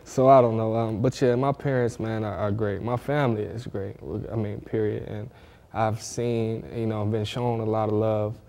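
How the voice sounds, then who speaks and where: A man's voice: lowish voice, flat delivery, normal speed, vocal fry, dark tone. A young man from Northwest Ohio, an athlete guest in a casual interview, talking in a laid-back way and often saying "man". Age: young adult.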